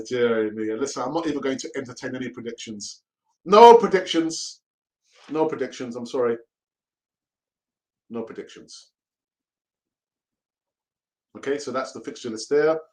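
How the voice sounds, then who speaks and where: A man's voice: mid-range voice, rough recording. A middle-aged man, hosting a casual football fan live stream, chatty and repeating himself as he laughs along with the chat.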